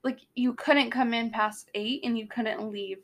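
A young woman casually recapping a novel chapter and adding her own asides in a relaxed chat. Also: a little high, unhurried. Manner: chatty, summarizing a book with asides and laughter. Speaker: book discussion co-host.

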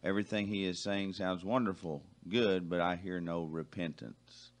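A man with a very low voice co-hosts a radio talk show. He reads listener texts aloud and walks through his answer in a patient, conversational way. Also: fairly even intonation, moderate pace. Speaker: radio co-host.

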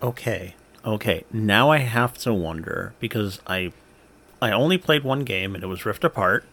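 Brief: male podcast co-host, low pitch, bright tone, curious and easygoing. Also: animated, normal speed. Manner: curious, asks questions, retells stories. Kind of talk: casual podcast chat.

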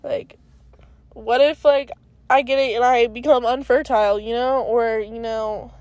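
Slangy young woman, bright and dry. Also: a little high, fairly even intonation, unhurried, dry recording. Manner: slangy, swears freely, lots of "like". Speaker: vlogger. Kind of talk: casual confessional storytime.

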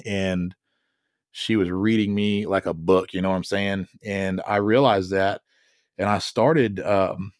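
A man's voice: deep voice, fairly even intonation, measured pace, no echo, studio quality. A man hosting a podcast, talking in a laid-back, rambling way and joking with his co-host. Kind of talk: casual podcast chat.

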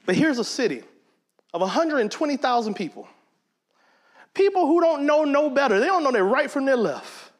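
A man's voice: very high voice, sing-song, normal speed. A man teaching a Bible study in a conversational preaching manner. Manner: conversational, acts out quoted voices.

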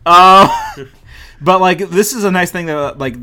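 A man's voice: high-pitched, takes it slowly, pushed and bright, slight background noise. Male podcast co-host, loose and rambling, reads excerpts mid-chat. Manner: rambling, many fillers, reads passages aloud. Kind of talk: casual book discussion.

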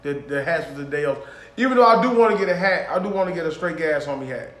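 A man's voice: fairly high pitch, animated, quick pace, fairly bright tone, echoey room. A man co-hosting a podcast in casual chat, rambling and slangy. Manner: rambling, slangy, self-correcting. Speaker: podcast co-host.

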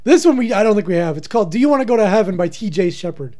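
Sarcastic podcast co-host with lively voice. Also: mid-range voice, racing. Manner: sarcastic, riffing, profane. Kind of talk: crude casual banter.

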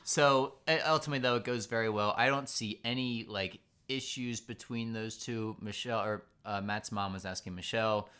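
A man's voice: on the low side, fairly even intonation, moderate pace, few pauses, bright, forceful tone, clear, resonant tone. A man co-hosting a podcast, chatting casually and recapping a reality show with lots of fillers. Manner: rambling, filler-heavy recap. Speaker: podcast co-host. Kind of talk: casual chat.

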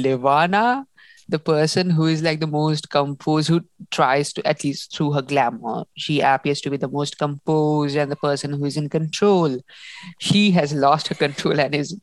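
A young woman in casual book chat, animated and laughing often as she acts out lines. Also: sits low, dry recording. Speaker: book discussion host.

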